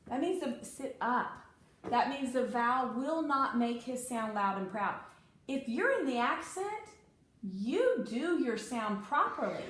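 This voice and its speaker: A woman giving a one-on-one reading lesson, brisk and corrective as she prompts a child. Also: fairly high pitch, big pitch swings, fairly bright tone. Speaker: reading tutor. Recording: echoey room with faint noise.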